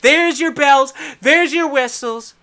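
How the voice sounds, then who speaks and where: A young man hosting a live stream, talking in a profane, rambling way that swings from loud angry ranting to low, muttered talk. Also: takes it slowly. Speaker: channel host.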